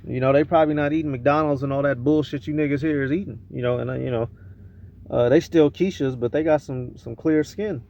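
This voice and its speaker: A man reacts to video clips in laid-back slang and turns preachy at times. His voice sits mid-pitch. The recording sounds a little dull, with a faint noise under it. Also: a little fast, vocal fry, dark tone. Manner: casual, street slang, preachy asides.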